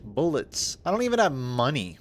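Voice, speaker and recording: A man's voice: mid-range voice, big pitch swings, normal speed, noisy background. A man streaming video game demos late at night and commenting casually, with offhand jokes. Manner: joking, offhand, tired late-night banter. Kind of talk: casual live commentary while gaming.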